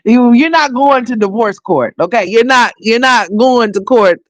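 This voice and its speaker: A woman hosting a livestream, giving blunt, profane commentary and scolding directly, her voice hoarse. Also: fairly high pitch, expressive, moderate pace, no echo. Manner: blunt, scolding, profane, talks straight to viewers.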